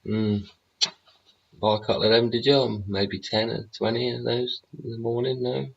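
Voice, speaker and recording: A man's voice: medium pitch, flat delivery, normal speed, gravelly, husky. A man hosting a show, ranting bluntly and sarcastically with heavy swearing. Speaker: show host. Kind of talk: ranting livestream commentary. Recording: dull lo-fi audio.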